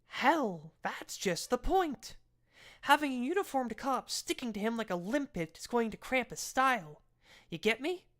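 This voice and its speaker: A woman voicing a gruff, suspicious male police captain who barks blunt orders in a raised voice. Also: a little high, big pitch swings, measured pace, voice pushed up. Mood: scolding.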